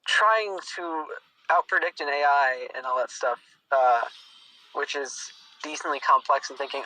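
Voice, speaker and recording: A young man with a bright, somewhat raised voice talks casually as a guest. He rambles and restarts his sentences while thinking aloud. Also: a little high, measured pace, soft background music, rough recording. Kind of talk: casual chat.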